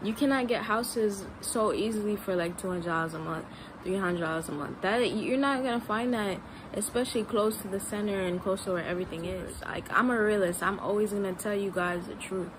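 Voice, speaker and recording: A woman's voice: medium pitch, a little fast. Frank woman vlogging over traffic noise. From United States. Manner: frank, fills with "like". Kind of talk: casual vlog. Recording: street noise with passing traffic.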